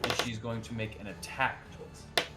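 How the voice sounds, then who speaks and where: A man's voice: mid-range voice, flat delivery, a little fast, music in the background. A man narrating a tabletop game as game master, rambling with many fillers and restarts.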